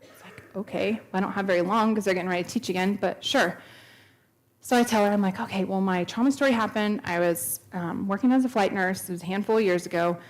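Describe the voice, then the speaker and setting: A woman in her thirties speaks fast at a medium pitch, giving her personal testimony in a church sanctuary. She tells it earnestly, like a story, performing the lines of the people she quotes.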